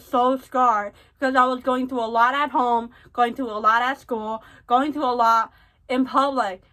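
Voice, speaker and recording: A woman's voice: a little high, a bit bright. A young woman vlogger sharing a personal story and earnest advice in a confiding, repetitive way. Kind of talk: heartfelt storytime advice vlog.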